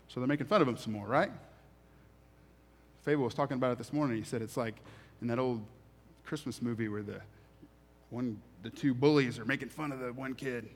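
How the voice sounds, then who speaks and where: A man's voice: medium pitch, brisk. A man preaching a sermon, reading scripture aloud and then explaining it in a conversational way with emphatic repetition. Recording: reverberant hall.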